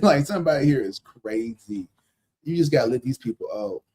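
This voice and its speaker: A man's voice: mid-range voice, expressive, a little fast, a little mellow, husky. A man in his thirties giving a live tarot reading in casual, slangy talk, blunt and profane, repeating himself for emphasis and laughing often. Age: 30s. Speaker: tarot reader hosting a live stream.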